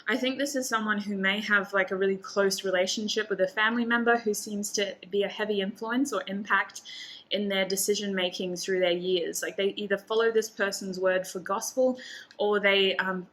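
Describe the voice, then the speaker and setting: A woman's voice: mid-range voice, a bit bright. A woman giving a casual tarot reading to the camera, chatty and thinking aloud as she lays out cards, with frequent laughs. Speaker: tarot reader.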